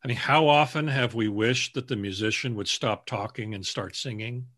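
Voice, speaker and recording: A man's voice: mid-range voice, normal speed, fairly bright tone, no echo, clean studio sound. A man who works as a book editor, answering interview questions earnestly and acting out the people in his anecdotes. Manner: earnest, storytelling, acts out the people he quotes.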